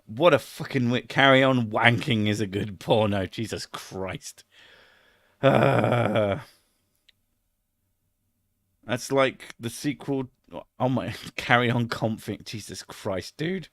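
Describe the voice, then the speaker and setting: A man's voice: mid-range voice, takes it slowly, fairly bright tone, no echo, studio quality. A middle-aged British man chatting casually on a live stream, rambling, swearing a lot and laughing at his own jokes.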